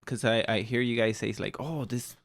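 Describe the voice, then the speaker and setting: A man's voice: lowish voice, level tone, fast talker, creaky, dry recording. A man co-hosting a podcast, speaking casually and hesitantly, stammering and chuckling. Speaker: podcast co-host. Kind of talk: casual chat.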